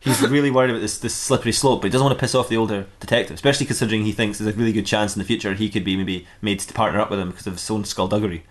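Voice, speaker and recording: A man's voice: on the low side, fairly even intonation, racing, few pauses. A man casually reading and ad-libbing a comic fan-fiction story, rambling and laughing at his own jokes.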